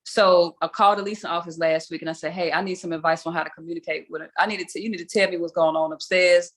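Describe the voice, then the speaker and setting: A woman's voice: on the low side, fairly even intonation, quick pace. A young adult woman hosting a weekly video call, telling a story casually, with a chatty, self-mocking manner and frequent laughs.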